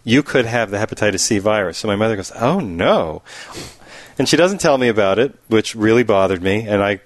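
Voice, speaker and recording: A man hosting a talk radio show, telling a story in an animated, rambling, emphatic way. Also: lowish voice, fast talker. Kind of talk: casual talk radio chat.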